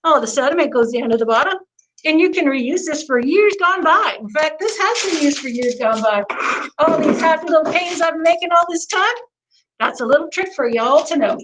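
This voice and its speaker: A woman with a put-on Southern US accent teaching oil painting in a soft, folksy, gently joking livestream lesson in the manner of a TV painter. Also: high voice, animated, a little fast. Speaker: painting instructor. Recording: noisy livestream audio.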